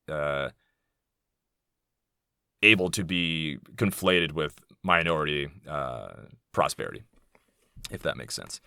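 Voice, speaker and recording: A man's voice: sits low, pushed and bright, no echo, studio quality. A man in his thirties hosting a solo podcast, talking candidly and rambling, profane and heated when indignant. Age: 30s. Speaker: podcast host.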